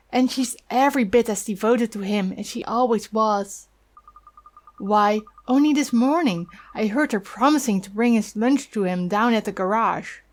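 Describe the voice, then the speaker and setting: Woman voicing a gossiping old neighbor lady, kindly and fussy, slow-spoken. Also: on the high side. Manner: chatty, fussing, sentimental. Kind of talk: reading game dialogue aloud.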